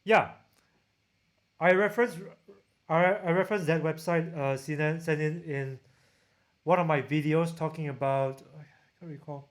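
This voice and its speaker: A man with a Singaporean accent chats casually with viewers on a livestream, picked up by a camera-mounted shotgun mic. His voice sits slightly high. He often stops, restarts and corrects himself mid-sentence while reading comments aloud. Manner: reads chat aloud, halting with restarts. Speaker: tech reviewer hosting a livestream.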